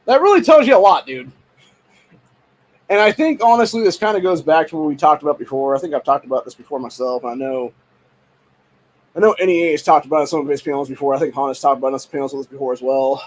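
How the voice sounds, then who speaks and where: A man with a husky, slightly breathy voice hosts a podcast of casual political commentary. He rambles and swears freely, leaning on filler phrases as he rants dismissively. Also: mid-range voice, fast talker, darkish tone, rough recording. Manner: dismissive, ranting tone. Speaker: podcast host.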